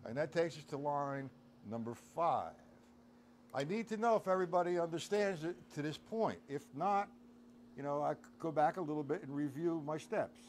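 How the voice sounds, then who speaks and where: A man's voice: on the high side, normal speed, a little mellow, a little hiss or hum. A middle-aged man giving a casual live-streamed drum lesson, counting beats aloud and talking to his chat. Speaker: drum teacher. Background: drum kit playing.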